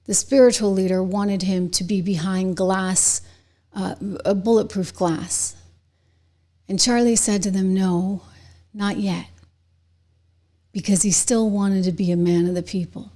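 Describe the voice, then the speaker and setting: Woman, political commentary host, opinion monologue, indignant, talks straight to viewers, mid-pitched voice. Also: fairly even intonation, measured pace, pauses often. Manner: indignant, rises to loud emphatic outbursts; speaks directly to viewers.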